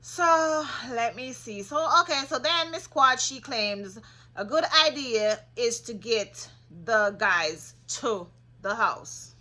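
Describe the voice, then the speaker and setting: A woman casually recapping a reality show, sassy and opinionated, getting loud when she gets passionate. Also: fairly high pitch, animated, slow.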